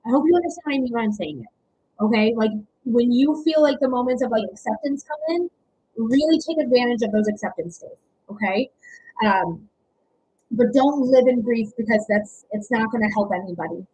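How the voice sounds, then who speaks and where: Chatty high-voiced woman livestreaming. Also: normal speed, warm tone, slight background noise, rough recording. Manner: chatty, affectionate, frequent "okay?" and "um". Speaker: livestream card reader. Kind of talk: casual livestream chat, reading comments.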